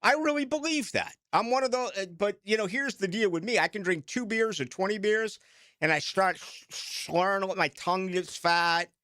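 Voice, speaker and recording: A man's voice: high-pitched, normal speed, pushed and bright, dry recording, studio quality. A middle-aged man with a Boston accent, hosting late-night sports talk radio in a rambling, self-mocking way.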